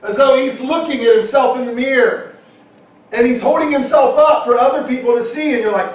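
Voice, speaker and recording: A middle-aged man preaching a sermon, emphatic, at times shouting and acting out quoted objections. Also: very high voice, a little fast, slight background noise. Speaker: pastor. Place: church hall. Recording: very echoey hall from far off.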